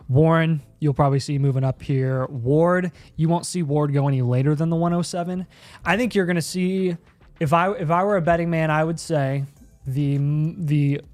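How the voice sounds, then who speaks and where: A young man co-hosting a casual live stream, rambling through fantasy football draft analysis, often repeating words and clearing his throat. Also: on the high side, darkish tone, dry recording.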